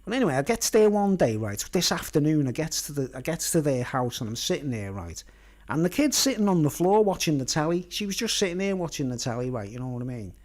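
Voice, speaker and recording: A man's voice: a little high, very animated, fast, darkish tone. A man telling a rambling personal story in casual slang, constantly checking in with his listeners. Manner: colloquial, nonstandard grammar. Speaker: vlogger.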